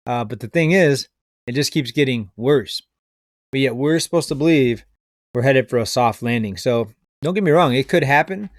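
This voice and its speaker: A man's voice: mid-range voice, no echo, studio quality. Skeptical man rambling about the economy. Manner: skeptical, rambling, addresses viewers as folks. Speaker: finance commentator. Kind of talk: casual video commentary.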